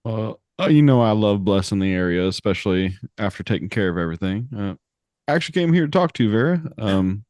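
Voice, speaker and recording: Man, tabletop player, low voice, folksy, dry close mic. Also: lively intonation, quick pace, a little mellow, no room sound. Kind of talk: tabletop role-play.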